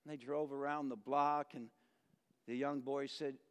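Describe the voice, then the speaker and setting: A male pastor delivering a sermon with storytelling, swinging between loud emphasis and near-whispers, in a church sanctuary. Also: mid-range voice, flat delivery, unhurried, clean tone. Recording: long reverb of a large church hall.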